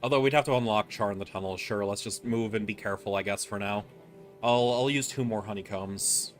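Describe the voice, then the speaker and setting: A man's voice: lowish voice, a little fast, soft background music. Patient man guiding a co-op game. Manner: patient, explains game mechanics step by step. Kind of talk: casual gameplay chat.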